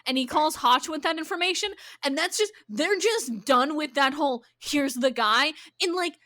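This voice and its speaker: A woman co-hosting a podcast, chatting casually about a TV episode, animated and laughing as she acts out quotes. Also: high-pitched, moderate pace. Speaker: podcast co-host. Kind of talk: casual chat recapping a TV episode.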